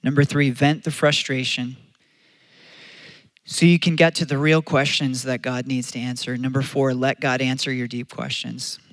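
A man's voice: mid-range voice, level tone, normal speed, no echo. A man preaching a sermon as pastor, earnest and conversational, often restarting his phrases.

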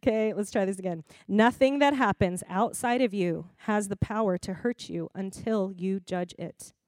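A woman preaching a sermon in a conversational, expressive way, laughing often. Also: medium pitch, moderate pace, no echo.

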